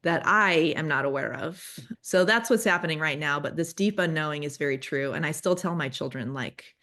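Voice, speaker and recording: A woman's voice: deep voice, normal speed, a bit bright. A woman in her forties, a children's ministry guest, telling candid, self-deprecating stories in casual conversation.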